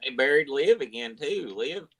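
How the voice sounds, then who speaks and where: A man with a mid-pitched voice trades crude jokes in a casual chat. His intonation swings widely and stays animated. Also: moderate pace, slight background noise, rough recording.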